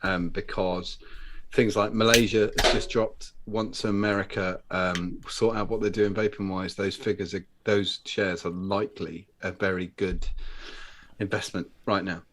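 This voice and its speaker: Man, guest, casual chat, lower voice, hesitant, lots of fillers. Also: flat delivery, measured pace, fairly bright tone, slight background noise. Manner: rambling, hesitant, many fillers.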